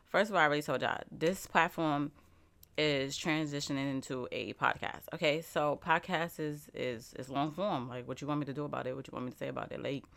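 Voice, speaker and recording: A young woman chatting straight to her viewers in an animated, emphatic way. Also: low-pitched, fairly quick, creaky. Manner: animated, emphatic, speaks straight to the audience with lots of "like". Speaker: vlogger and podcaster. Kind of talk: casual motivational chat to viewers.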